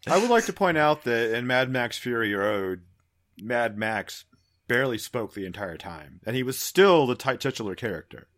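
Man, podcast guest, middle pitch, wry, quick quips, casual. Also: sing-song, a bit bright. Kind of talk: casual movie commentary chat.

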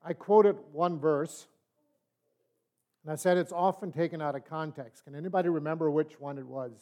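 A man's voice: a little high, fairly even intonation, moderate pace, mellow. Folksy older man teaching a Bible study. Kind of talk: sermon-style storytelling and teaching.

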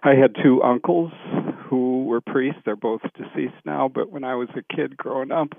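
A man in his sixties, a priest, telling stories in a relaxed way with frequent ums and restarts, as a guest on a radio interview. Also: mid-range voice, normal speed, gravelly, no room sound. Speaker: priest, seminary formation director. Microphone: phone. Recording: tinny phone line.

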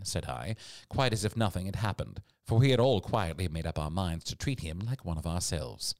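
A man narrating a classic adventure story in an expressive storytelling read. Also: deep voice, normal speed, no echo, studio quality. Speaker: audiobook narrator. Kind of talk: scripted narration.

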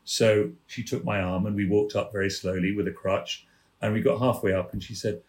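A man from England, a former theatre manager, telling lively backstage anecdotes as a podcast guest and acting out the voices in his stories. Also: fairly low pitch, a little fast. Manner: lively raconteur, acts out quoted voices. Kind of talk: anecdotal storytelling. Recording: roomy echo.

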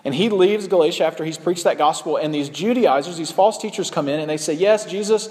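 A man preaches to his congregation in a relaxed, conversational way, pausing often on ums and uhs. His voice sits a bit high for a man. The sound carries a long reverb from a large church sanctuary. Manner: conversational preaching with frequent fillers. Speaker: pastor. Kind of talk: sermon.

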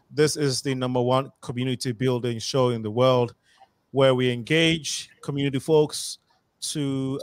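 Halting Ghana-born talk show host. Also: male voice, medium pitch, dry recording, poor audio. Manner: halting, many restarts, laughs at himself. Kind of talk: community talk show hosting.

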